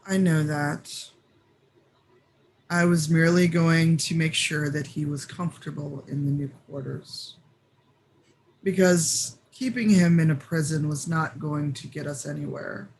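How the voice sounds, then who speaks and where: A weary, guarded Inquisitor, as a man voices him in a tabletop game. The voice sits a touch high for a man and is gravelly, with formal, reserved speech. Faint noise hums underneath. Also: steady tone, unhurried, poor audio. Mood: firm. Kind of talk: in-character tabletop role-play.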